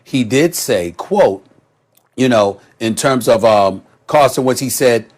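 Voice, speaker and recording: A man's voice: medium pitch, animated, moderate pace, breathy edge. A man arguing emphatically in a studio sports debate, pressing rhetorical questions.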